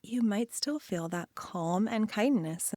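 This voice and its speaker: A woman hosts and narrates an imaginative guided story and quiz for children, speaking expressively in the second person. Her voice is mid-range and she takes it slowly.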